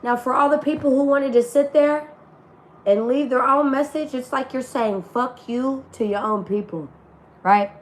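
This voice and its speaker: Her voice sits high and runs at normal speed, with slight noise behind it. As a tarot reader addressing an online audience, she gives a spiritual reading that's casual, slangy and full of swearing, in a voice that hasn't fully healed.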